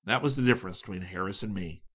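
A man reading a humorous travel story aloud in a measured, dry, wry storytelling manner. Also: deep voice, a bit bright, breathy edge. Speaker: audiobook narrator. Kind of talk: scripted narration.

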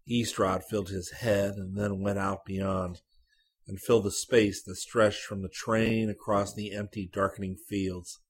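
Husky, low-voiced male story reader. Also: little pitch movement, measured pace. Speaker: narrator. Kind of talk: literary short story reading.

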